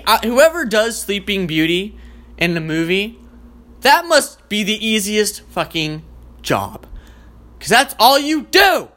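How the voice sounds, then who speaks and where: A man with a high voice rants through a comedy bit, swearing freely and jumping from thought to thought. His tone is bright and sharp, and he keeps the energy up. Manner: profane, excitable, rambling. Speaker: host. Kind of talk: comedic rant.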